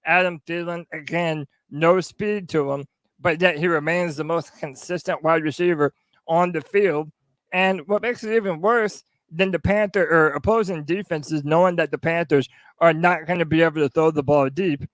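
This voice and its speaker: A man's voice: on the high side, steady tone, moderate pace, fairly bright tone, no room sound. A man co-hosting a sports podcast, blunt and emphatic as he gives his frank opinions. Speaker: podcast co-host. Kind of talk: casual sports podcast talk.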